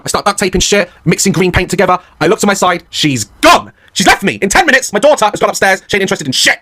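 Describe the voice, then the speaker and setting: A man telling a comic story as a rant, animated, swearing and laughing. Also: high-pitched, rapid-fire, few pauses. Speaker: comedian, podcast host.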